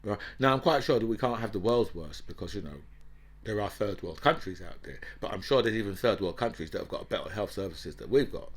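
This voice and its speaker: A man's voice: fairly low pitch, expressive, a little fast, breathy edge. A man, hosting an opinionated commentary monologue in a heated, ranting way, often checking in with "right?" and "you know". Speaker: political commentator and host.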